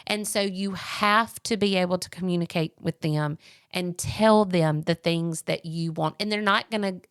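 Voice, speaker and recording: A woman, co-hosting a casual marriage podcast, telling stories animatedly and acting out quotes in a high voice. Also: moderate pace, clear, resonant tone, no room sound, studio quality. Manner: animated storyteller, acts out quotes in a high voice, laughs often. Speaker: podcast co-host.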